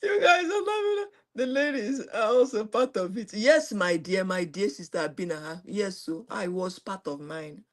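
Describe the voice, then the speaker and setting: A middle-aged woman with a Nigerian accent, telling a personal story to a live audience, her voice swinging from high exclamations to quiet low asides. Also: normal speed, hardly any pauses. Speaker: host.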